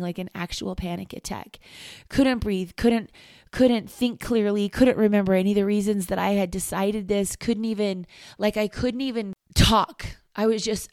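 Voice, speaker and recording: A woman's voice: medium pitch, dry recording, clean studio sound. A middle-aged woman in a candid, reflective personal monologue, often repeating phrases for emphasis.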